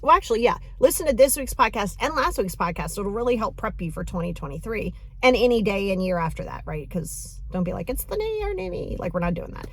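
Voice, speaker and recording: Animated woman podcast host, dry sound. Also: medium pitch, no echo. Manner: animated, laughs often, quotes a client. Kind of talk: casual podcast monologue.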